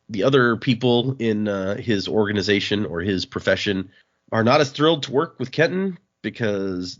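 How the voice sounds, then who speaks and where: Man, low voice, casual podcast plot recap, quick character asides, dull muffled audio. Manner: summarizes plot, briefly voicing characters in quotes. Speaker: podcast host recapping a comic. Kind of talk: casual chat.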